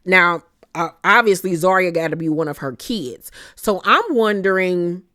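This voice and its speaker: A young adult woman giving casual, profane commentary that recaps a reality show, blunt and animated, with plenty of slang and asides. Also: on the low side, normal speed, no room sound, studio quality. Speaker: recap vlogger.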